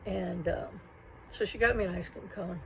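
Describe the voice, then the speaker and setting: A woman telling a personal childhood story in a reflective, halting, emotional way. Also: on the low side, gravelly, a little hiss or hum, rough recording.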